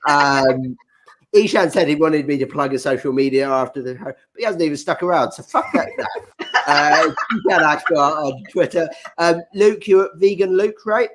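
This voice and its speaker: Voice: medium pitch, moderate pace, a little hiss or hum. A comedy show host wrapping up casually over a video call, rambling with plenty of fillers.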